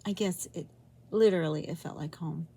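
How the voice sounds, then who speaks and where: Woman, vlogger, personal story, rambling, halting, emotional, mellow voice. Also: fairly low pitch, slightly rough. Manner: rambling, halting, with many restarts; emotional, drifting into soft near-whispers.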